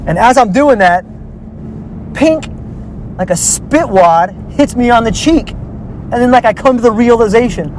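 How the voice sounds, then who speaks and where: A man casually telling a long personal story, animated and acting out what people said, swearing freely. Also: high-pitched, moderate pace, noisy background. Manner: animated, acts out quoted voices, swears freely.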